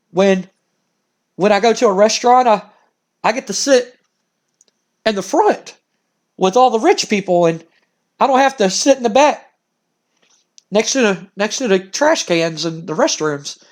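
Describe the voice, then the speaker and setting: A man's voice: sits high, lively intonation, measured pace, pauses often. A man voicing a humble male wrestler who stammers eagerly about his newfound fame. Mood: giddy.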